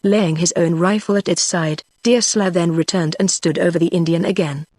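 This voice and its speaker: A text-to-speech voice narrating a classic novel in an even, measured computer reading. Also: medium pitch, no room sound. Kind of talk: synthetic audiobook narration.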